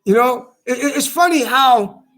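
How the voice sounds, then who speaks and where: A man's voice: very high voice, animated, moderate pace, a bit bright, soft background music. A man delivering a heated, profane monologue full of stumbling restarts, as a social media commentator. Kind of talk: ranting monologue.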